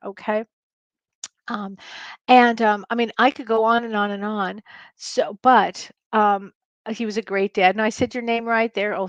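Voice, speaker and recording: A middle-aged woman hosting a live-stream Q&A as a spiritual medium, reading viewer comments and reassuring them with warm repetition. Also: mid-range voice, no echo, lo-fi sound. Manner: warm, reassuring, repeats phrases for comfort.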